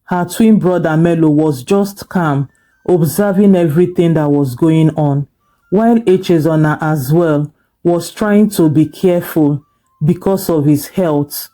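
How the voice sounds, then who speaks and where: A storyteller reading a folk tale in a slow, measured delivery. The voice is very dark and mellow. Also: medium pitch. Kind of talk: scripted folk-tale narration.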